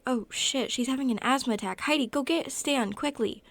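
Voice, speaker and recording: A woman's voice: sits high, brisk. A woman voicing a teenage girl who takes charge and gives orders in a crisis. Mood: urgent. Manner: commanding then soothing. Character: bossy, caring teenage girl friend.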